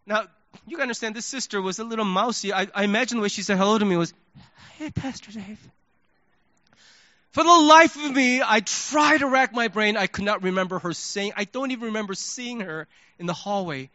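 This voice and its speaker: High, bright-voiced pastor preaching. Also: male voice, fast talker, dry recording. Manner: animated storytelling, acts out his own thoughts. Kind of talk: sermon. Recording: dull lo-fi sermon recording.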